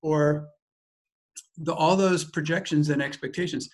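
A man's voice: a little high, fairly even intonation, measured pace. A man leading a personal growth workshop, speaking in an emphatic, repetitive way. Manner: emphatic, repetitive, circling phrasing. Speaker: workshop leader. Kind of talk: teaching a group.

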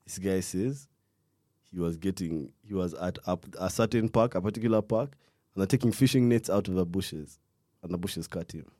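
A man's voice: deep voice, moderate pace, mellow, no room sound, clean studio sound. A young man telling a true crime story in casual chat, rambling with slang and restarts, stopping now and then to cough. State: coughing fits.

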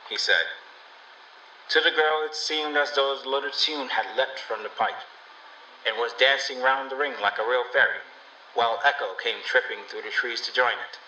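A man reading a fairy tale aloud in a measured, even way. His voice is very bright and sharp, set back from a distant mic in an echoey room with faint ambience behind it. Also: on the low side, dull audio, a little hiss or hum. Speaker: narrator.

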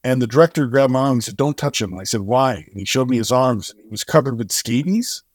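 In clean studio audio without room sound, a middle-aged man talks fast in a mid-range voice. He's a singer-songwriter and co-founder of a charity, animatedly narrating a long interview story and voicing the dialogue himself.

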